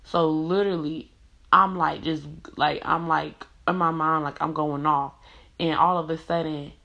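A woman telling a frank, profane storytime to camera. Her voice sits low for a woman and runs loose and chatty, thick with "like" and "you know". It comes across as an unscripted personal story, told straight to the viewer. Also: fairly even intonation, measured pace, creaky, pushed and bright. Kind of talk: casual storytime monologue.

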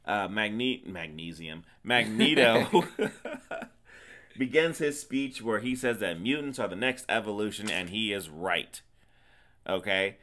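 A man's voice: on the low side, slow pace, sharp tone. A man co-hosting a podcast, retelling a film's plot in casual chat with a teasing, emphatic manner. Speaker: podcast co-host. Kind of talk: casual movie recap chat.

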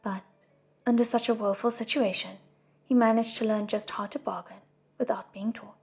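A woman reading a novel aloud as an audiobook narrator, with a soft, hushed delivery. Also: on the high side, fairly even intonation, normal speed, gravelly, breathy edge. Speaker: audiobook reader. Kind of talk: scripted narration.

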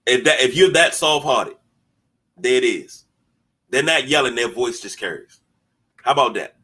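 A man hosting a sports podcast in casual talk, animated and mocking, often stumbling over repeated words as he starts a thought. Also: medium pitch, normal speed, husky. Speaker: podcast host.

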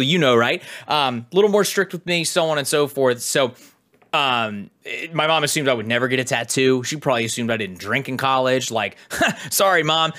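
A man's voice: mid-range voice, sharp tone. A young man co-hosting a livestreamed podcast, telling stories in a casual, rambling way with lots of fillers. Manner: rambling, filler-heavy storytelling. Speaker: podcast co-host.

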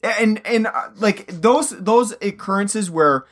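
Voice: mid-range voice, takes it slowly. Blunt, critical podcast co-host. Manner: critical, dry, blunt opinions. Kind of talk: casual movie-review chat.

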